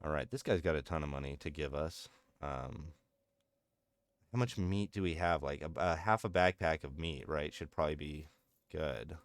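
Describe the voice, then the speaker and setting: A man's voice: rumbling low, moderate pace, no echo. A man in his thirties chatting casually and laughing often while streaming a game. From United States. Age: 30s. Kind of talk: casual gameplay commentary.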